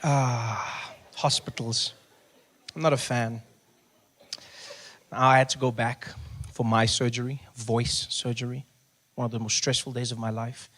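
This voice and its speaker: A man with a South African accent doing animated stand-up storytelling and chatting with the audience. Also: medium pitch, unhurried, long pauses. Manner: animated, conversational, teasing the audience. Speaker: stand-up comedian. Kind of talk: stand-up storytelling and crowd work.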